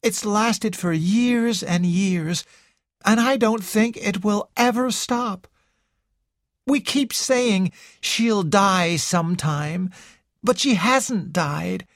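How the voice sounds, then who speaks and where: An audiobook reader voicing a worn-down young woman who pleads in an emotional, hopeless way, pitched well above the reader's own voice. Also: slow pace, no echo, studio quality. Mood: desperate.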